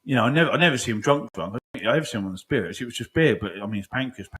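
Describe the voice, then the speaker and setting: A man's voice: mid-range voice, expressive, racing, a bit bright. A young man hosting a podcast, chatting casually, rambling and swearing often, with frequent "do you know what I mean". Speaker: podcast host. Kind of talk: casual chat.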